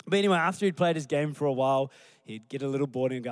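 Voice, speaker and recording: A man, a pastor preaching a sermon through animated storytelling. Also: mid-range voice, racing, dry recording. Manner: animated storytelling, acting out scenes.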